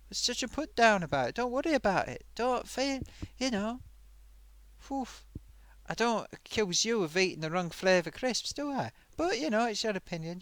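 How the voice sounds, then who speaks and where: A man's voice: high voice, a bit bright, dry recording. A man voicing a cheeky male sock puppet host, reading viewer comments in a chatty way full of oofs and sighs. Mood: indignant. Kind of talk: live-stream chat.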